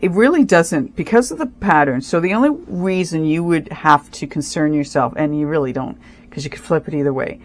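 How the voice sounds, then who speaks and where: A woman with a low voice narrates her craft work in a relaxed, chatty way. She thinks out loud, often breaks off and restarts her sentences, and explains each step with care. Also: vocal fry, a little hiss or hum. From Canada. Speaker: craft channel host. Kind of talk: casual craft tutorial narration.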